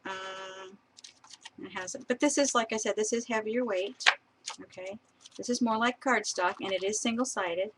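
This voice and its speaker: A woman's voice: medium pitch, moderate pace, noisy background. A woman chatting casually as she shows craft papers on a live stream, laughing often and admiring each sheet.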